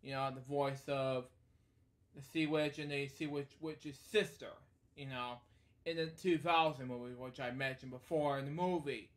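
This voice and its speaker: A man's voice: mid-range voice, fairly even intonation, normal speed. A man hosting a casual bedtime storybook read-aloud, rambling off into asides and filling gaps with "anyway" and "so there you go". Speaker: storybook reader and host.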